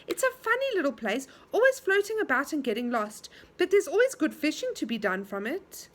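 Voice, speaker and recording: A woman voicing Silky, a fairy girl in a storybook who speaks softly and reassuringly. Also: high-pitched, sing-song, brisk, a little hiss or hum, voice pushed up. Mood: gentle.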